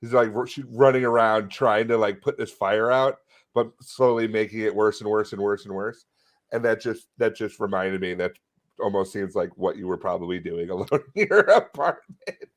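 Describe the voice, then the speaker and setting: Low-voiced man cracking dry jokes. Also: normal speed. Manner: dry, wisecracking asides. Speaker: podcast co-host. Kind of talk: comedic podcast chat.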